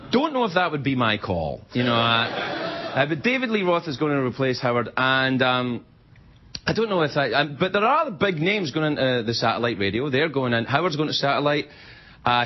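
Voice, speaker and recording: A Scottish talk show host in his forties rambles through a comic monologue, chuckling at his own tangents. His voice sits a bit high and leaps around animatedly. The TV recording sounds dull, with steady background noise. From Scotland. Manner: rambling, self-amused, bursts of laughter. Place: TV studio.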